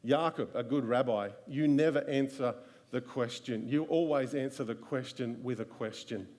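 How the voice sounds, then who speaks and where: A man voicing a stubborn, shrewd old male rabbi who speaks in a dry, deliberate way. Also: medium pitch, darkish tone, in a large hall, voice pushed down, natural voice. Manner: dry, deliberate, answers with questions.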